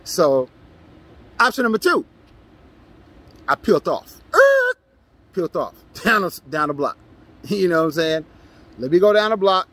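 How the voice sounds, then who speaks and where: A man recounts a tense street scene to his channel. His voice sits a little high for a man and turns lively as he acts out the shouting. The delivery is loose and conversational. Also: unhurried, long pauses. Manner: animated, acts out his own shouts and quotes. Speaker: vlogger telling a story. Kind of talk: casual storytelling monologue.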